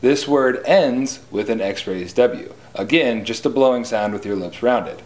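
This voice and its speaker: A man teaching pronunciation, speaking slowly and carefully and repeating each word for learners. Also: mid-range voice, slight background noise. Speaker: language teacher. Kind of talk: slow pronunciation lesson.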